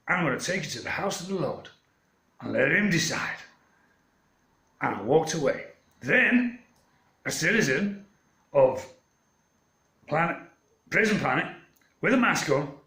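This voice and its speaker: A man's voice: mid-range voice, a bit bright, reverberant. A man telling a long, meandering story in a defiant, swearing rant to his channel. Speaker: channel host. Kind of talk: rambling ranting monologue.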